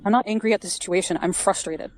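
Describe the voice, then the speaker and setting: A woman's voice: mid-range voice, quick pace, slight background noise. A woman in her twenties arguing in a defensive, frustrated and pleading way. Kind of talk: frustrated argument in a played clip.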